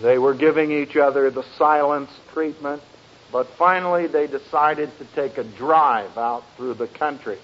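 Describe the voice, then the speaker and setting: A man speaking to an audience as a family counselor, telling stories in a slow, emphatic way with dry humor. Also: on the high side, a bit bright. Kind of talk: speech to an audience. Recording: dull lo-fi recording.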